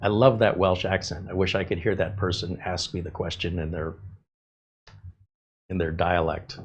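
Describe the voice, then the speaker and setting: A man's voice: sits low, level tone, normal speed, slightly rough, lo-fi sound. A middle-aged man, a tech host, chatting casually and rambling off on tangents while he works on a computer build. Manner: rambling, conversational, with fillers and tangents. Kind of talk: casual chat while working.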